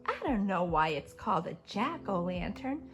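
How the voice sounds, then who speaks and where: A woman's voice: medium pitch, big pitch swings, normal speed, faint music behind. A woman hosting a preschool show, talking to toddlers in an exaggerated, sing-song way as she teaches and reads aloud. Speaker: children's show host.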